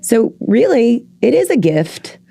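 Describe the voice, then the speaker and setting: Gravelly, mellow-voiced woman host. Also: fairly high pitch, big pitch swings, takes it slowly. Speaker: podcast host. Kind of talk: casual podcast conversation.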